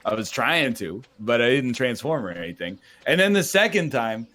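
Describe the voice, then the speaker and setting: A man's voice: mid-range voice, animated, normal speed, fairly bright tone. A man streaming games, chatting casually in a wry, mock-aggrieved rant. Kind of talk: casual chat.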